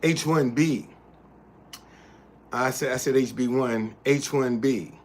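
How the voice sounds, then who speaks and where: A man's voice: medium pitch, slow, a little hiss or hum. Heated man scolding a chat. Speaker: livestream host. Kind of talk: casual livestream talk.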